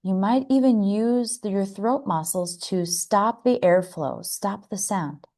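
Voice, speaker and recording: An American woman teaching English pronunciation, explaining mouth positions and demonstrating vowel sounds slowly and carefully. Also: mid-range voice, dark tone. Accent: General American. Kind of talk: scripted instructional lesson.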